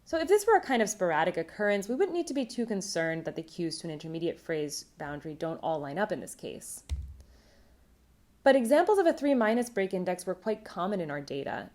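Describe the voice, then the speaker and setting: A woman presenting a recorded academic conference talk, reading a prepared script in a measured, explanatory way. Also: lowish voice, sing-song, darkish tone.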